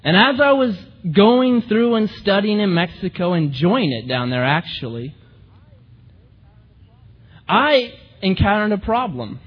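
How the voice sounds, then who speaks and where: A man preaching a sermon, telling humorous stories in an animated way. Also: high-pitched, measured pace, pauses often, husky, dull audio. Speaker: pastor. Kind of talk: sermon storytelling.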